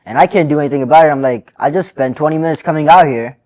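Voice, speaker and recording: A man's voice: fairly high pitch, very fast. A man co-hosting a podcast, venting in casual chat, swearing freely. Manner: swears a lot, animated venting. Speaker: podcast co-host.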